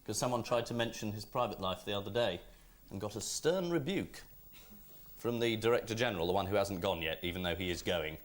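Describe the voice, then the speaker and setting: A man's voice: fairly low pitch, expressive, fairly quick. Wry ironic male panelist. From Britain. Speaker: team captain on panel show.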